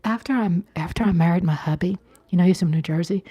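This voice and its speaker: A middle-aged woman hosting a casual livestream from home, chatting with viewers, reading their comments aloud, laughing often and sometimes dropping into a hushed whisper. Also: lowish voice, fast talker, breathy edge. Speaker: livestream host. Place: home, at night.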